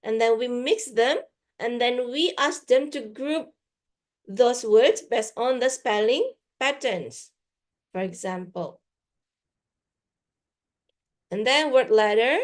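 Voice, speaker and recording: A woman's voice: fairly high pitch, slow pace. A woman with an Indonesian accent gives a guest lecture to teachers, giving classroom examples and slipping into Indonesian now and then. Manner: mixes Indonesian into English, frequent "for example".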